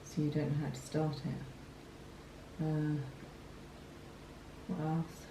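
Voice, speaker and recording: A woman's voice: low-pitched, completely flat delivery, slow pace, background noise. A middle-aged woman, the mother, chatting casually at home with short, easygoing replies. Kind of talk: casual chat. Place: dining room at home. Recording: roomy dining room.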